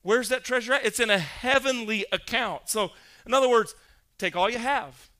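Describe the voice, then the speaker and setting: Man, pastor, sermon, high voice, emphatic, questions to the congregation. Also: moderate pace. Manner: emphatic, builds to loud, insistent peaks, quizzes the congregation.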